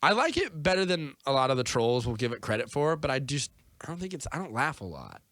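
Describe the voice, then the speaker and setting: A man's voice: medium pitch, wildly swooping pitch, quick pace, a bit bright, no room sound. A young man co-hosting a podcast, chatting casually in a rambling way full of fillers. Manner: rambling, lots of "like" and "or whatever". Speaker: podcast co-host. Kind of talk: casual chat.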